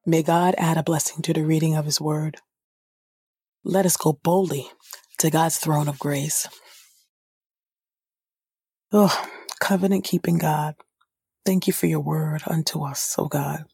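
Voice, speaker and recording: With a low, husky, darkish voice, this Bible reader and prayer leader speaks unhurriedly and steadily, with vocal fry and long pauses. After reading scripture, she breaks into impassioned, unscripted prayer, returning again and again to "oh God" and starting lines over. The studio sound is clean, with no echo.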